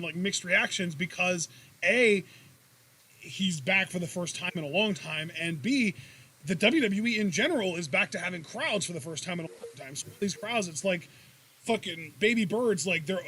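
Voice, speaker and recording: A man co-hosting a casual wrestling review podcast, excitable, laughing and swearing as he talks. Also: sits high, breathy edge. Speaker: podcast co-host.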